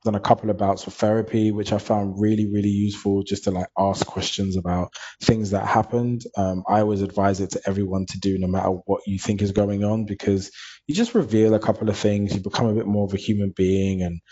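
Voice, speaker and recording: A man's voice: on the low side, flat delivery, brisk, warm tone, breathy edge. A man, speaking openly and reflectively as a guest in an interview. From Hackney, London. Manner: earnest, open and reflective. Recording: dull lo-fi recording.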